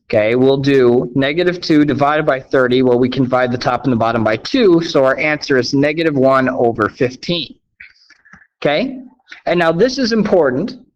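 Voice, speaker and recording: Math teacher guy, kinda high voice, upbeat and a bit sarcastic, keeps saying okay, dull lo-fi audio. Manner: upbeat, playfully sarcastic, says "okay?" often. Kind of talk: recorded video lesson. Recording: dull lo-fi sound.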